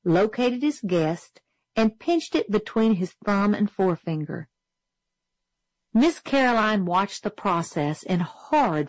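A woman reading a novel aloud as an audiobook narrator, steady and clear. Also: on the low side, no room sound, poor audio. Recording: dry close studio sound.

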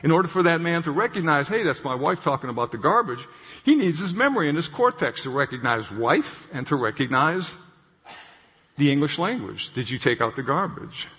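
A man's voice: on the high side, very animated, fairly quick, a bit bright, slightly rough. A man explaining how stress affects the brain, in a conversational manner, often checking in with "okay?" and telling everyday stories to make his point. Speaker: clinician speaking on stress. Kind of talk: explanatory talk with acted anecdote. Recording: long hall reverb.

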